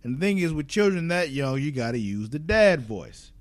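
Animated, laughing man chatting on a podcast. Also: fairly high pitch, moderate pace, no room sound. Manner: animated, laughs often, swears freely. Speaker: podcast co-host. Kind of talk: casual chat.

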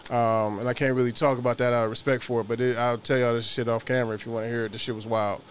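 A man's voice: mid-range voice, flat delivery, very fast, slight background noise. A young man co-hosting a podcast, telling a boastful story with joking banter. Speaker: podcast co-host. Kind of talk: casual explicit chat.

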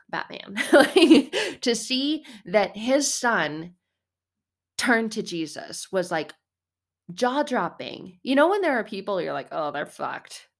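Animated woman in casual faith talk. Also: medium pitch. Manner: animated, rambling, breaks into song. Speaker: vlogger.

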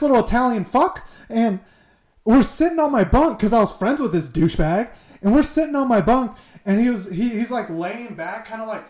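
A man's voice: very high voice, expressive, moderate pace, darkish tone, reverberant. A man hosting a casual podcast from a dim room in his old house, joking crudely and swearing freely. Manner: profane, jokey, tells army stories. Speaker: podcast host.

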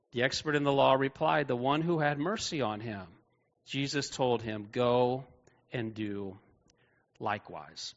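A man's voice: mid-range voice, big-room sound, highs cut off. A man preaching a sermon as pastor, talking conversationally and asking the congregation questions. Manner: conversational, asks the audience questions. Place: church auditorium.

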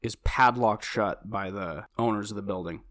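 A man co-hosting a podcast, telling a story in casual chat, animated and swearing a lot. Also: on the low side, moderate pace. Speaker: podcast co-host.

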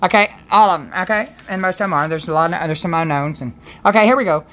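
A woman with a lowish voice rambles through a casual devotional chat on a stream. She keeps breaking off and restarting her sentences in a chatty, loose way. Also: quick pace, fairly bright tone. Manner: rambling, self-interrupting, chatty. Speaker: host of a Christian livestream.

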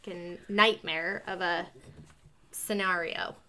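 A woman in casual chat, telling a personal story in an animated way and acting out both sides of a conversation. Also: fairly low pitch, takes it slowly.

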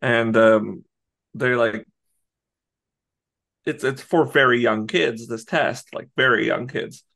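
A man co-hosting a podcast in casual chat, rambling and animated, swearing and laughing often. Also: medium pitch, slow pace, vocal fry, long pauses. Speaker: podcast co-host.

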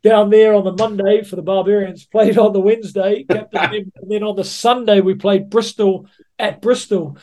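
A man's voice: sits high, steady tone, moderate pace, warm tone. A man, a rugby coach telling blunt, sweary stories as a podcast guest and calling everyone "mate". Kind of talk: casual anecdote-telling.

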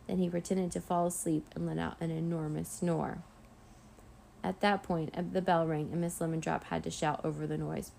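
A woman reads a children's chapter book aloud, gentle and steady. Her voice sits low with a gravelly fry, and a faint background hiss runs under it. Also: moderate pace, low-quality recording. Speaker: storyteller. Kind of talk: children's storybook read-aloud.

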